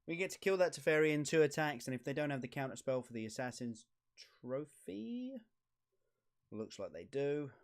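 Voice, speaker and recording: A man streaming a card game, muttering commentary to himself with sudden excited outbursts. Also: mid-range voice, quick pace, hardly any pauses, clean tone. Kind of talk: casual gameplay commentary.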